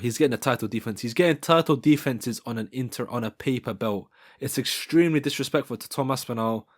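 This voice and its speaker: A man hosting his own fight-sports video, giving casual fan commentary in an excitable, rambling way full of restarts. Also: mid-range voice. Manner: excitable and rambling, with many restarts and repeated "guys". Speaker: MMA video host.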